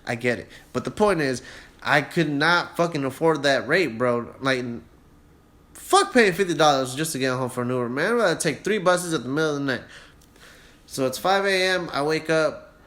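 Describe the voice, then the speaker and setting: A man's voice: fairly high pitch, normal speed. A young man hosting a solo podcast, casually telling a long profane story and acting out the people in it. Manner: profane, animated storyteller who acts out dialogue in a raised voice. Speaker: podcast host.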